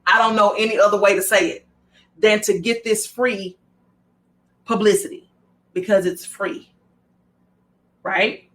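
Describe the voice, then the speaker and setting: A woman with a Southern drawl hosting a broadcast, talking in an animated, repetitive and emphatic way with many fillers. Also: mid-range voice, unhurried, long pauses. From American South. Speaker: host. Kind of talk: motivational broadcast talk.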